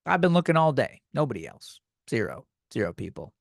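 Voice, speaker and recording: A man's voice: medium pitch, big pitch swings, brisk, vocal fry, dry recording, studio quality. A man hosting a comedy podcast, ranting in an exasperated, profane way. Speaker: podcast host.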